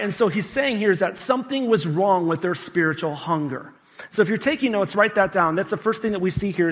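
A man's voice: high voice, fairly bright tone, big-room sound. A male pastor preaching a sermon and engaging the congregation with questions. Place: church sanctuary.

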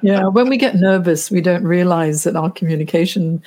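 A woman career coach chatting on a live stream, telling stories and lively when quoting people. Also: lowish voice, moderate pace. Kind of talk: casual live-stream chat.

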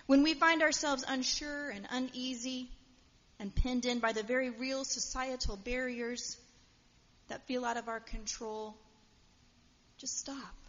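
A woman preaching a sermon in a casual, storytelling way with frequent fillers, in a church. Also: on the high side. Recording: dull sound with long hall reverb.

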